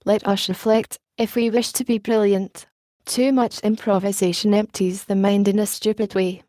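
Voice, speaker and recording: A pompous young male student holds forth to his friends in a measured, sermonizing tone, as a woman reads him aloud. The voice is mellow and sits in a middle register. The recording is dry and close. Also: mid-range voice, little pitch movement, no echo, lightly acted. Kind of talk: audiobook reading.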